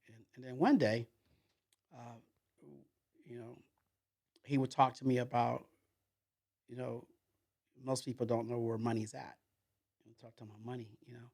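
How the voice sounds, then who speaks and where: A man's voice: medium pitch, level tone, normal speed, long pauses, darkish tone. A man being interviewed as a podcast guest, telling a story in a rambling way, with many repeated fillers and restarts.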